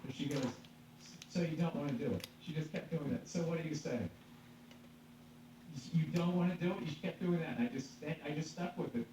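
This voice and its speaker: Profane storytelling comedian in an echoey room. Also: male voice, a little high, brisk. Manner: profane, laughing, acts out quoted voices. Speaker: stand-up comedian. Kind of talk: casual podcast storytelling. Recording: echoey, distant, dull with faint hum.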